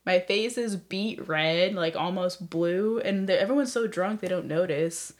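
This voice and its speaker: A woman's voice: on the low side, measured pace. Laughing young woman telling a story. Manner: animated, laughs often, acts out quotes. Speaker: podcast host. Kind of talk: casual storytelling chat.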